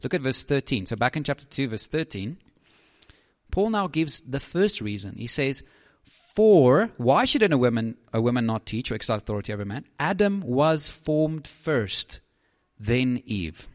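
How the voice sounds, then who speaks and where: A man's voice: medium pitch, sing-song, fairly quick, long reverb tail. A man preaching a sermon as a pastor, emphatic, often putting questions to the listeners.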